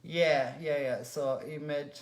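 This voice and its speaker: A man with a French accent and a fairly high voice teaches accordion on a live stream. He talks in an animated, hands-on way, pointing things out as he demonstrates and slipping French words into his English. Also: slow. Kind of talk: live-stream music lesson.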